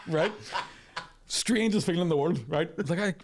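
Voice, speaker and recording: A man with a fairly high voice hosts a podcast, briskly telling a story in casual, profane chat. He makes it animated by acting out the voices of the people involved.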